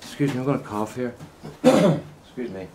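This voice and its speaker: An older gardening vlogger, very animated, chats to camera while working outdoors in a vegetable plot. His mid-range voice has a darkish tone and normal speed, with a little hiss or hum. He's meandering and chummy, with many restarts and asides.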